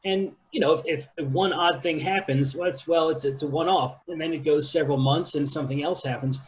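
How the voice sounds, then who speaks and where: A man hosting an interview, speaking haltingly and restarting his sentences as he thinks aloud. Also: fairly high pitch. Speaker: podcast host. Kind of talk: conversational interview. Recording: dull lo-fi sound with faint background hiss.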